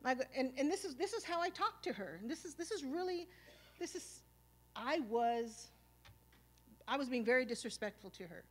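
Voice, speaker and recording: A woman's voice: sits high, moderate pace. A woman, speaking on stage at a symposium and telling stories in a casual, streetwise, profane way, full of "you know" and "like", and acting out old arguments. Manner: animated, acting out past arguments. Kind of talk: storytelling talk at a symposium. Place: stage at a live event.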